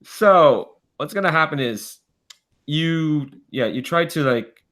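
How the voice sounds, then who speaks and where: A man running a tabletop game as game master, narrating in a rambling, halting way full of fillers and restarts. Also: on the high side, lively intonation, a bit bright.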